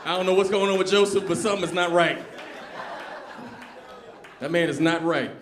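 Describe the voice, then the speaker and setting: A man performs stand-up in a lively, conversational way, often turning to question the crowd. His voice sits high for a man. It is recorded on a comedy club stage with a roomy echo. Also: normal speed, background noise. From Southern US. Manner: animated, conversational, quizzes the crowd. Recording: echoey club room.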